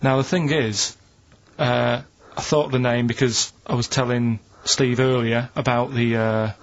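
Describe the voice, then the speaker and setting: A man's voice: medium pitch, fairly even intonation, unhurried, dull audio. A man on a radio show, telling stories in a rambling, hesitant way during a casual chat. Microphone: studio microphone.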